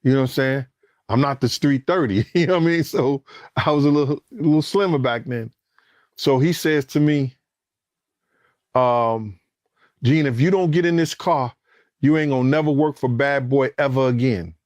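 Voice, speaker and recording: This man speaks at normal speed in a medium pitch, recorded cleanly in a studio with no echo. His storytelling is lively and profane: he voices the characters' quoted lines, swears, and shouts when excitement peaks.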